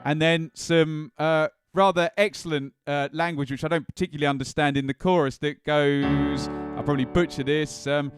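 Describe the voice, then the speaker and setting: A man's voice: a little high, steady tone, normal speed, hardly any pauses, over loud music. An Englishman hosting a casual ranked countdown, chatty and enthusiastic, with frequent ums. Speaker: music and football channel host.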